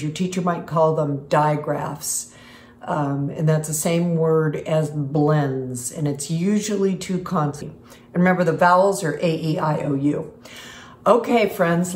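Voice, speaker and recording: A woman's voice: fairly low pitch, echoey room. An older woman, a former teacher, reading a rhyming picture book aloud and explaining phonics sounds to young children in a patient way. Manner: slow, patient storybook reading with animal sounds.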